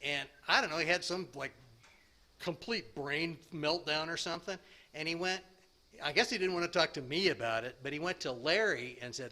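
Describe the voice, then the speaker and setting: Man, sixties, recovery share, rambling, self-deprecating, bright sharp tone. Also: fairly high pitch, moderate pace. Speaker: speaker at a recovery meeting.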